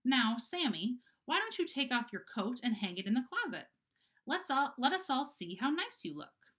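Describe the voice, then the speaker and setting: A woman's voice: high voice, sing-song, moderate pace, pushed and bright, pitched above the performer's own voice, full character voice. A woman voicing a strict, fussy schoolteacher in a storybook reading, prim and scolding.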